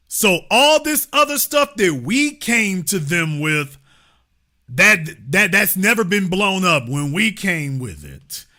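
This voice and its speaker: A man delivers impassioned commentary in a high voice. He is emphatic and repeats key phrases for effect. His tone is intensely forceful and sharp. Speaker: host.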